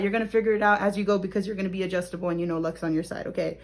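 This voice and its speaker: A woman's voice: medium pitch, fairly even intonation, rapid-fire, few pauses. A young woman giving a casual tarot reading to camera, chatty and laughing often, often checking in with "okay?". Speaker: tarot reader.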